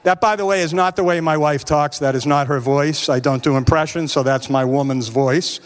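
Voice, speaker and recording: Middle-aged male comedian with a high voice, ranting sarcastically on stage. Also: normal speed. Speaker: stand-up comedian. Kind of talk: stand-up comedy.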